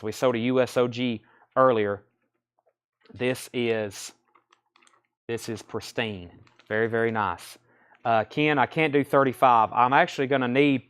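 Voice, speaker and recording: A man's voice: mid-range voice, clean tone. A man hosting a live record sale, rattling off titles and prices and calling out buyers' names. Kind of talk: live sales patter.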